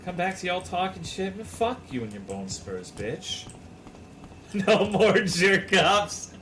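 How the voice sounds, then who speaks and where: A man's voice: high voice, huge pitch swings, slow pace, a bit bright. A man streaming a video game, chatting casually with his viewers in profane, joking banter. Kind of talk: casual chat with viewers while gaming.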